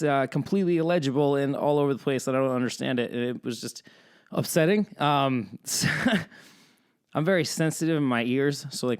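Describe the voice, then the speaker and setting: A young man hosting his own podcast in a casual, rambling, joking solo chat that swings up and down in pitch. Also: smooth. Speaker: podcast host.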